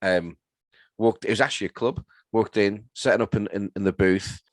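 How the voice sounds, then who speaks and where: A man's voice: fairly low pitch, fairly even intonation, moderate pace, dry recording. A man who works as a DJ, telling stories in a casual chat with a dry, matter-of-fact delivery.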